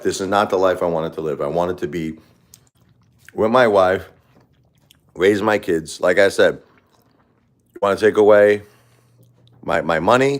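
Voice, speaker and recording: A middle-aged man hosting a livestream, talking unscripted in a quiet, halting way and often repeating himself. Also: low voice. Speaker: livestream host. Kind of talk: unscripted personal monologue.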